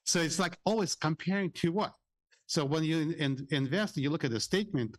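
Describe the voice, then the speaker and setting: A man's voice: a little high, expressive, a little fast, no room sound. Chatty man telling stories on radio. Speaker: financial adviser, radio guest. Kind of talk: casual radio talk with anecdotes.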